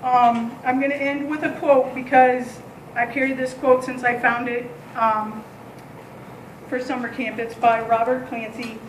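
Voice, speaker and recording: A woman who leads a day camp gives a candid, animated thank-you speech built around a story. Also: fairly high pitch, unhurried, roomy sound, a little hiss or hum, rough recording. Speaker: day camp and child care leader.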